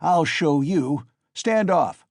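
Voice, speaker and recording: A man voicing a furious drunk peasant who shouts ferociously. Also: on the high side, lively intonation, slow pace, no room sound, clean studio sound, pitched above the performer's own voice. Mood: furious shouting.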